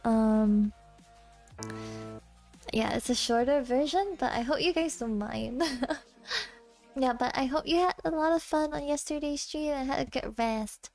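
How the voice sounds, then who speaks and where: A woman VTuber streaming from home, chatting casually with her viewers between karaoke songs, giggling and breaking into quick asides as she reads the chat. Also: sits high, darkish tone, faint music behind. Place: home room.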